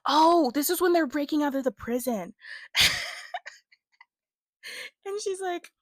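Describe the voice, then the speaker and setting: A woman's voice: high voice, lively intonation, slow, no echo, clean studio sound. A young woman giving a casual book review as a vlogger, chatty and filler-heavy, often breaking into laughs.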